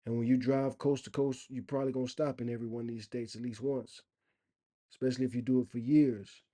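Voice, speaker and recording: Fast and warm, with medium pitch and little pitch movement, a middle-aged vlogger talks to camera in a casual storytelling monologue. His manner is earnest and emphatic, with drawn-out phrases.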